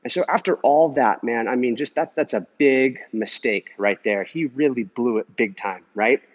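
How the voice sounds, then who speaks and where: Husky man, earnest casual encouragement. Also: medium pitch, moderate pace. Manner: earnest and conversational, full of "man" and "you know"; talking while walking. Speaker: Christian vlogger answering a viewer comment. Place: indoor pool area. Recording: dull lo-fi recording.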